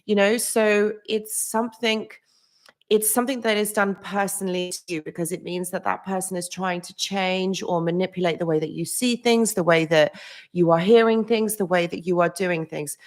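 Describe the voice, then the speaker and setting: A woman's voice: lowish voice, fairly even intonation, normal speed. A woman hosting a psychology live stream, chatting casually, greeting viewers by name, and leaning on "literally" and "like". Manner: loose, with frequent restarts and small laughs. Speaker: psychology channel host.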